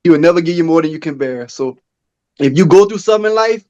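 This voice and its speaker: Podcast co-host, man, high voice, earnest casual storyteller. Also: expressive, fast talker, a little mellow, dull audio. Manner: earnest storytelling, acts out quoted dialogue in a high voice.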